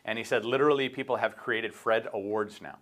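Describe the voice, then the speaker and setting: A male host with a low voice chats through his story at a quick clip. He rambles and restarts often, padding sentences with fillers as he retells a book to his co-hosts. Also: noisy background. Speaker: show host. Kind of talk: casual morning-show chat, retelling a book.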